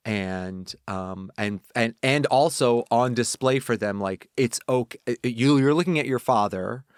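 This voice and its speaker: A man's voice: a little slow, clean tone, no room sound, clean studio sound. A man, a voice actor and director, telling a personal story in casual conversation, acting out other people's lines as he goes. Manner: animated storyteller who acts out quotes in high voices.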